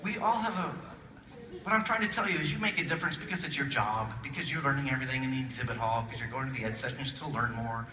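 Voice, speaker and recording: A keynote speaker delivers a humorous motivational talk in a large conference hall, jokey and animated, acting out little voices at medium pitch and a fast pace over music. It's a distant phone recording from the audience in an echoey room, with laughter and crowd noise around him.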